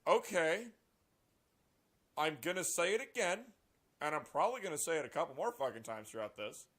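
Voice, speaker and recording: A man reading a news article aloud and reacting to it with sarcastic, profane commentary and animated outbursts. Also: a little high, moderate pace. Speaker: political commentary vlogger.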